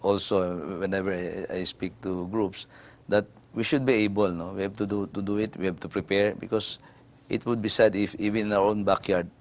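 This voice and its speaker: A man's voice: low voice, steady tone, slight background noise. A Filipino man, an older education official, answering interview questions formally with many fillers and a habit of ending points with "no?". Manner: halting, many fillers and tag "no?".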